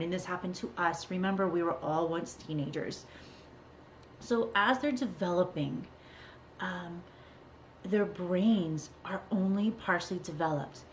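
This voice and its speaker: A woman's voice: lowish voice, a little hiss or hum. A middle-aged woman, a parenting coach, giving earnest advice to camera and repeating key words for emphasis. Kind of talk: talking-to-camera advice video.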